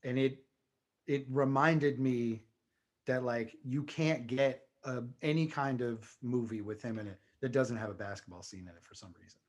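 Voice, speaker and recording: A man's voice: medium pitch, normal speed. A man co-hosting a podcast, wry and sardonic in casual chat.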